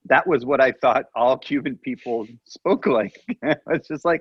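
A man's voice: mid-range voice, a little slow, breathy edge, no room sound. Podcast co-host, American man from the Midwest, loose rambly delivery, dry lo-fi recording. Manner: rambling, restarts and muses aloud. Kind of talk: casual chat.

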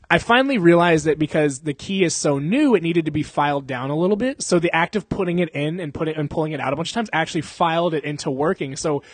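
A young man telling a long story in casual chat, animated and full of swearing and laughter. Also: on the high side, dry recording.

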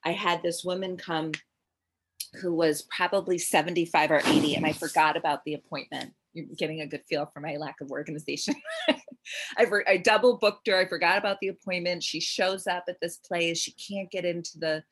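A middle-aged woman with a low voice tells a story in an easy, rambling way. She restarts sentences and leans on fillers as she goes, like a medium recounting a reading on a podcast. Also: brisk, fairly bright tone, husky. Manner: rambling, self-interrupting, with frequent "like" and "um".

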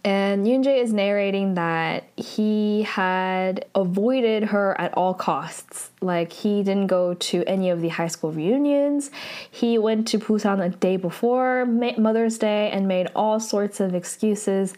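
A woman's voice: mid-range voice, slow pace, darkish tone. Woman podcast host, casual recap chat, filler-heavy, chatty.

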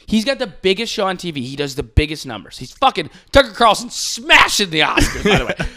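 A man's voice: high voice, big pitch swings, fairly quick, sharp tone. A man chatting on a casual comedy podcast, swearing freely, laughing and mimicking people as he riffs. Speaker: podcast co-host.

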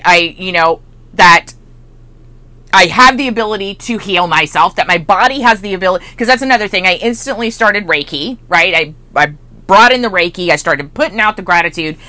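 A middle-aged woman coach telling a personal story in a casual, animated way, laughing often. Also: dry recording. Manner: animated and expressive, laughs often, rising to high excited peaks. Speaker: mindset and business coach.

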